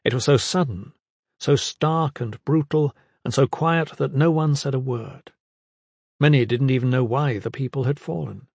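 Man narrating a dark fantasy audiobook. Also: mid-range voice, normal speed, gravelly, breathy edge, dry recording.

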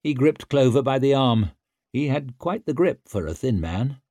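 A man narrating an audiobook in a steady, measured storytelling voice. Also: medium pitch, no echo, studio quality.

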